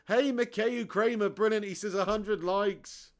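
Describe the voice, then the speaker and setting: A man's voice: high-pitched, a little slow. A man hosting a live football watch-along stream, chatting casually, reading out viewer comments and laughing often.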